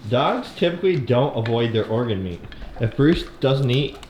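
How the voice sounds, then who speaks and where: A man's voice: medium pitch, normal speed. Casual male vlogger, easygoing chat about his dogs, faint background noise. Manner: relaxed, loose with fillers and restarts. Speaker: dog owner vlogger. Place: outdoors in wind, cold winter day. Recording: windy outdoor camera audio.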